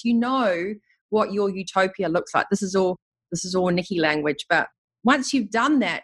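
A woman hosting a spiritual conversation, speaking in an enthusiastic, flowing and expressive way. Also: medium pitch. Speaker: podcast host.

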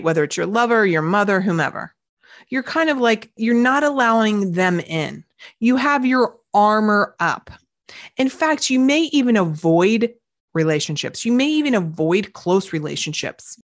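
A middle-aged woman hosting a casual solo podcast as a coach, chatty and direct with quick asides. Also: medium pitch. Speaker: podcast host and business coach.

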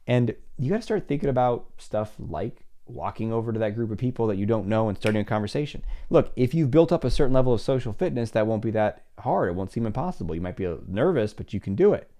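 Relaxed, mellow man in his forties. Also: fairly low pitch, quick pace, hardly any pauses. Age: 40s. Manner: animated, acts out quoted dialogue in shifting voices. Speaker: confidence coach and podcast host. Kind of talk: casual solo podcast talk.

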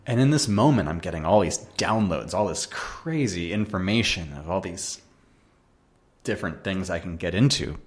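A man with a low, deep voice tells his own story as a podcast host. He talks in an earnest, animated way and circles back over the same phrases as he builds each point. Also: normal speed. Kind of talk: personal storytelling monologue.

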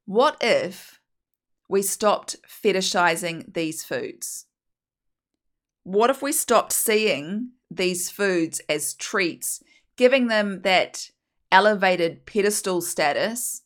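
A woman's voice: mid-range voice, lively intonation, unhurried. A woman hosting a solo coaching podcast, chatty and encouraging, slipping into playful voices now and then. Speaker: podcast host and weight-release coach.

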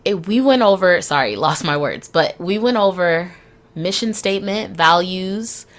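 Frank low-voiced woman podcaster. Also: lively intonation, measured pace. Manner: candid and frank, swears freely, laughs between phrases. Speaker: podcast host. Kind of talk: solo podcast monologue.

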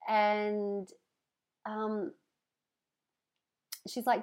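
A woman's voice: medium pitch, a little slow, a little mellow. A woman hosting a podcast, talking casually and earnestly to her listeners, heartfelt and swearing for emphasis. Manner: heartfelt, talks with hand on heart. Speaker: podcast host. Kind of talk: casual motivational monologue.

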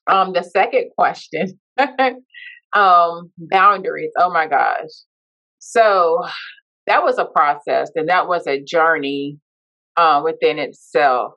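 A woman's voice: lowish voice, slow, pushed and bright. A woman podcast guest telling her personal story in a heartfelt, reflective way. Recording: dull lo-fi sound.

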